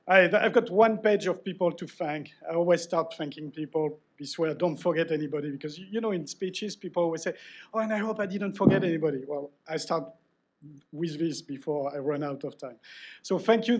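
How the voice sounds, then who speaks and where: A middle-aged man with a French accent gives a live acceptance speech, joking at his own expense as he thanks people by name. His voice sits fairly high for a man. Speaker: award recipient giving a speech.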